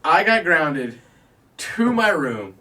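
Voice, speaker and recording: A man's voice: a little high, very animated, takes it slowly, pushed and bright, recorded from a distance. Profane laughing man telling a story. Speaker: podcast host. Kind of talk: casual storytelling chat.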